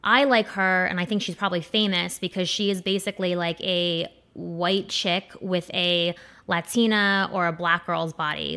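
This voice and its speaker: A woman's voice: lowish voice, a bit bright. A young woman giving a casual, rambling countdown commentary, crude and full of fillers like "like" and "um". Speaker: commentator ranking adult performers.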